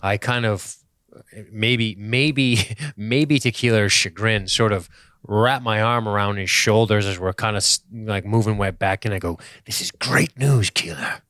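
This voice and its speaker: A man's voice: lowish voice, fairly even intonation, measured pace, fairly bright tone, clean tone, no echo, studio quality. A man playing a tabletop game, describing his character's actions in a playful way. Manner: chuckling, playful. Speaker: player.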